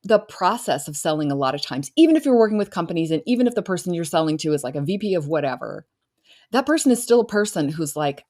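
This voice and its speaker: A woman's voice: lowish voice, very animated, fast. A middle-aged woman coach talking earnestly in a casual solo podcast, now and then acting out her clients' voices. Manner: earnest, warm-hearted, acts out clients' voices. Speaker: business coach and podcast host.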